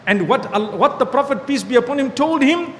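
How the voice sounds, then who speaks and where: Man, preacher, sermon, high-pitched, animated, repeats phrases, long hall echo. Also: fairly quick, a little hiss or hum. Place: hall with an audience.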